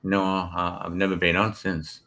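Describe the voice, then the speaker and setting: A man's voice: low-pitched, level tone, unhurried, bright, forceful tone, a little hiss or hum. A British man, an author and guest, telling rambling stories with many ums and restarts. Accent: British English. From Britain. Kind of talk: casual interview storytelling.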